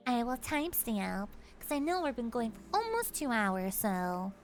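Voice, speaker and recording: Woman, streamer, playful storyteller, giggly, higher voice, faint background music. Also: moderate pace. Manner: animated, giggly, playful second-person storytelling. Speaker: streamer telling stories to chat. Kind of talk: casual livestream storytelling.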